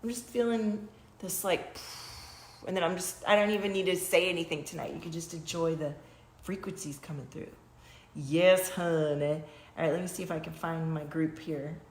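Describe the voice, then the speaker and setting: A woman's voice: lowish voice, steady tone, normal speed. Chatty woman livestreaming from an echoey room. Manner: loose and chatty, breaks into light-language chanting and humming. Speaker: livestream host reading oracle cards. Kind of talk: casual spiritual livestream chat. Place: small home studio.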